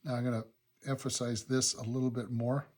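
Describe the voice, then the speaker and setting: A man teaching watercolor, talking calmly through each brushstroke of a painting demonstration and thinking aloud as he works. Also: medium pitch, a little fast, noisy background. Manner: relaxed, thinking aloud step by step. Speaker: watercolor instructor. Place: painting studio.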